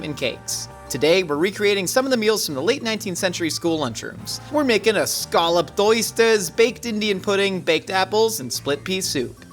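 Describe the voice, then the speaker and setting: A cooking show host narrating a food history segment and bantering playfully, with faint music behind. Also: medium pitch. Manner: upbeat, playful, quick to laugh.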